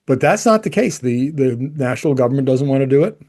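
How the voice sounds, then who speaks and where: Man, energy commentator, emphatic and conversational, mellow low-key tone. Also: expressive, fairly quick. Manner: conversational, emphatic, with frequent restarts. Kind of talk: opinion commentary to camera.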